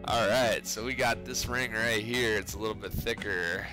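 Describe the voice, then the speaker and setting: A man's voice: fairly low pitch, steady tone, moderate pace, over music. Laid-back Minnesotan guy in a workshop. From Minnesota, Twin Cities. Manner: laid-back, swears often, says dude. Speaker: livestreamer making pipe rings. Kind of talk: casual chat while crafting. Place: cold garage workshop.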